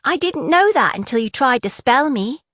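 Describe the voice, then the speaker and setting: A woman reading a defiant young female prisoner who answers with quick, indignant retorts. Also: sits high, very animated, a bit bright, no echo, clean studio sound, voice pushed up.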